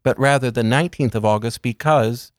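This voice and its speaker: Man guest, mid-pitched, calm explainer, unhurried lists; dry booth sound. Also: no room sound. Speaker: guest speaker on religious topics. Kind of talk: calm explanatory interview talk.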